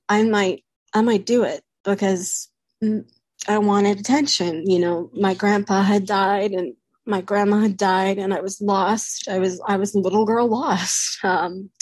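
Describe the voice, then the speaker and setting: Woman vlogger, husky and breathy, candid confessional to camera, dry close sound. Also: mid-range voice, a little mellow, dry recording. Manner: candid, halting, with frequent pauses and fillers. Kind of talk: personal confessional talk to camera.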